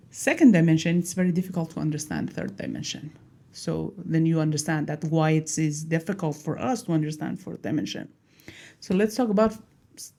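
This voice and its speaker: Animated woman explaining with a mellow voice. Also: mid-range voice. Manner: animated, acts out little dialogues, laughs at herself. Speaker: teacher. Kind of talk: casual explanatory talk.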